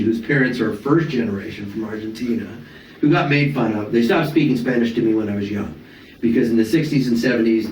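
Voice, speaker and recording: A middle-aged man tells stories in a lively, casual way, with a middle pitch and an easy flow. He swears freely and slips into impressions. The recording is echoey, with the mic set back and faint room noise. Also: distant mic. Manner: animated, swearing, slips into character voices. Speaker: comedian and voice actor. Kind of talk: casual storytelling chat.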